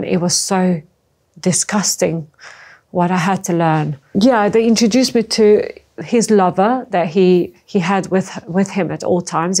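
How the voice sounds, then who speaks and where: A woman from former Yugoslavia telling her story in an interview, speaking in halting, emotional bursts and often restarting and repeating words. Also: lowish voice, darkish tone. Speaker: interviewee, trafficking survivor. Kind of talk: personal testimony in an interview.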